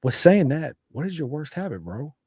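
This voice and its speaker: A man's voice: on the high side, big pitch swings, normal speed, breathy edge, no room sound. A man hosting a podcast, joking and easygoing in casual slangy chat. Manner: laid-back, joking, slangy. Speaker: podcast host.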